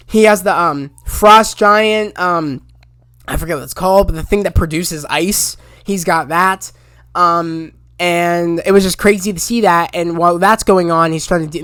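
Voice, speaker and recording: A man recapping a TV episode in a casual, rambling way, full of "you know" fillers and bursts of loud excitement. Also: sits high, clean tone, dry recording, clean studio sound. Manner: rambling, heavy on fillers, gets loud and excited retelling scenes. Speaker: show recap reviewer.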